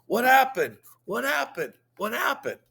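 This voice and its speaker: A male teacher voicing a distressed teenage girl who blurts out jokes and repeats phrases in a much higher voice. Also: normal speed, bright, forceful tone, a little hiss or hum. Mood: upset. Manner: repetitive, high-pitched outbursts.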